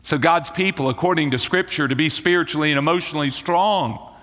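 A male pastor preaches a sermon in a bright, forceful voice pitched a little high. He leans into key words and slows his phrasing for drama. His voice rings out with the long reverb of a large hall. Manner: preaching with rising emphasis and slowed dramatic phrasing.

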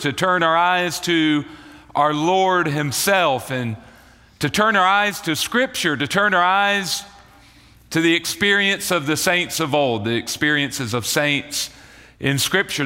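A man preaching a morning sermon to believers, with rising emphasis and slowed dramatic phrasing. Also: a little high, pushed and bright, in a large hall. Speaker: pastor.

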